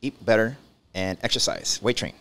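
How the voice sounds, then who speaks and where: A man's voice: fairly low pitch, normal speed, a bit bright, slight background noise. A man hosting a podcast as a doctor, explaining things in a loose, rambling way full of restarts. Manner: rambling, with many fillers and restarts. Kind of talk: casual conversational interview.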